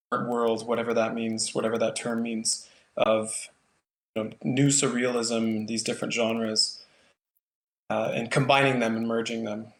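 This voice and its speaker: A man's voice: mid-range voice, echoey room. A man, a painter from Canada, talking casually in an interview and thinking aloud with lots of fillers. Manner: thoughtful, rambling with many fillers. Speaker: painter, guest.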